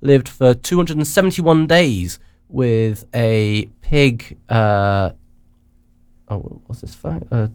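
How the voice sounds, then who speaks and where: A man hosting a casual news chat, rambling with many halting restarts. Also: medium pitch, a little mellow, clear, resonant tone, no room sound, clean studio sound. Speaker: radio show host.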